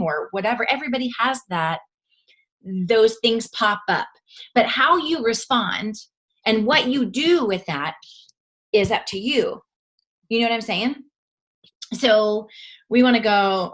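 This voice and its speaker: A woman's voice: a little high, expressive, measured pace, fairly bright tone. A woman in her thirties giving a motivational talk to her team as its leader. She coaches earnestly and acts out the voices she quotes.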